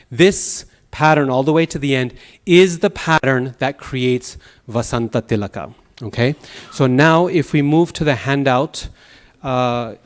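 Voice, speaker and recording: Guy teaching a class, patient and explainy, keeps asking okay?, chants verse slow. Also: mid-range voice. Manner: recites Sanskrit verse slowly in rhythm. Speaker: Sanskrit teacher. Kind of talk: classroom lecture. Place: temple classroom.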